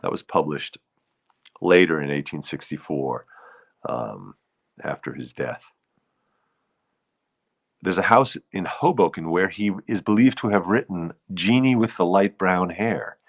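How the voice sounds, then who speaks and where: A man's voice: sits low, animated, unhurried, gravelly, pauses often, dull audio. A man with a New York accent, from the Bronx, hosting a casual live stream, rambling and greeting viewers between thoughts. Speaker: host.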